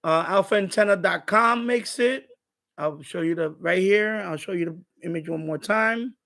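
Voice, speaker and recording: High, gravelly-voiced man ranting. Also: normal speed. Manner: animated ranting storyteller. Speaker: live stream host. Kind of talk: casual live-stream chat.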